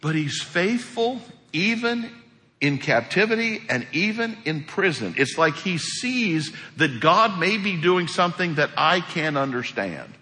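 A man preaching a sermon as pastor, animated, acting out quotes as he preaches. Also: on the high side, unhurried. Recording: echoey hall.

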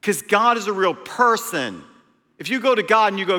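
A male preacher gives a sermon in a high, bright voice. He is emphatic and moves between loud passages and hushed ones. A long hall reverb trails his words. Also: very animated, moderate pace.

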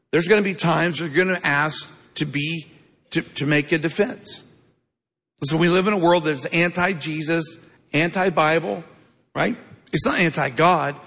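A man's voice: on the high side, fairly bright tone, slightly rough, big-room sound. A man preaching a sermon in a conversational way, asking the congregation to answer back. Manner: conversational preaching, asks the crowd for responses. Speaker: pastor.

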